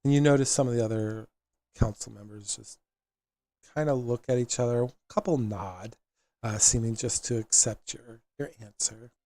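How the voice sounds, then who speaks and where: A man narrates as game master, setting scenes in a relaxed, filler-heavy way. His voice sits in a middle pitch and sounds dry and close. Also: moderate pace, no echo.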